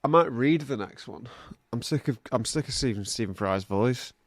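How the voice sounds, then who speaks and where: A man's voice: mid-range voice, lively intonation, normal speed, dry recording. A man co-hosting a podcast in casual, self-mocking chat, laughing often. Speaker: podcast co-host.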